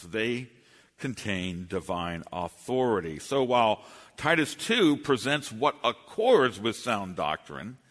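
Male pastor preaching, bright lively delivery, emphatic restarts, long hall reverb. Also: medium pitch. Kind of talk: expository sermon. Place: church sanctuary.

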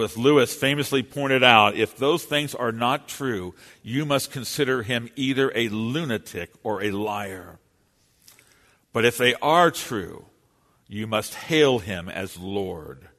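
A man's voice: mid-range voice, a bit bright. A man preaching a sermon in an earnest, emphatic way, his voice rising and falling for emphasis. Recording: long hall reverb.

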